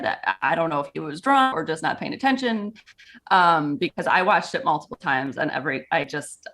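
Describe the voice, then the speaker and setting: A woman who works as a sports broadcaster, co-hosting a casual sports talk show in a chatty, animated way. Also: sits low.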